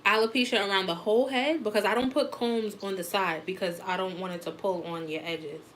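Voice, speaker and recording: Woman instructor, casual chatty demo voice, middle pitch, slight background noise. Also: fairly even intonation, fairly quick, fairly bright tone. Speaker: wig-making instructor. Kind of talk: live class demonstration.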